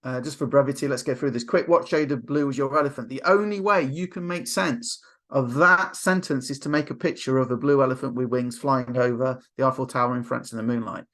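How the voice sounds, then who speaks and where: A man giving a motivational coaching talk, telling stories with lively acted-out quotes. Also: medium pitch, fairly quick. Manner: animated storyteller, acts out quotes. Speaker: NLP coach.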